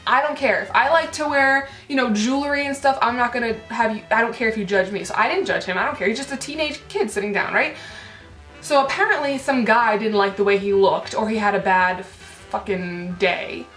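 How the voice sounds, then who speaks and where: With a fairly high, brisk, slightly bright voice, a woman vlogger rants indignantly through a storytime, swearing and using plenty of fillers. The recording has a roomy echo and faint background music.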